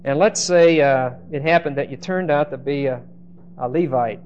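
A male Bible teacher lecturing a class, his somewhat high voice caught on a dull, lo-fi recording. He leans hard on key words, drawing them out slowly, and stumbles through restarts and hesitations between points. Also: slight background noise. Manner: emphatic, slows and stresses key words.

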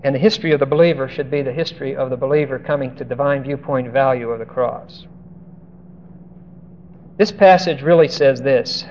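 Fairly quick and darkish in tone, this medium-pitched preacher works through a Bible passage emphatically. He draws out key words and puts pointed questions to the congregation, captured in dull lo-fi sound with a faint hiss.

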